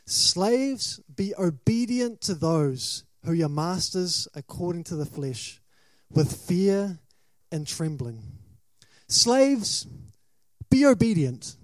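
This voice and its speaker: A man's voice: fairly high pitch, lively intonation, slow pace, no room sound. A man with a New Zealand accent preaching a sermon, questioning and dramatic, rising to emphatic bursts.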